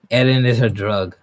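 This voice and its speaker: A young man live-streaming a manga reaction, reading aloud, laughing often and talking to his chat. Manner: excitable, laughs often, jumps up in pitch when hyped.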